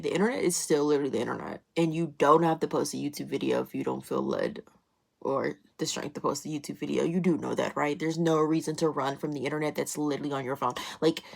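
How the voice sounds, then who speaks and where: Creaky low-voiced woman vlogging her faith. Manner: earnest, repeats phrases for emphasis; casual, addresses viewers as y'all. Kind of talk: spoken faith declarations and candid chat to camera. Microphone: phone camera, selfie-style.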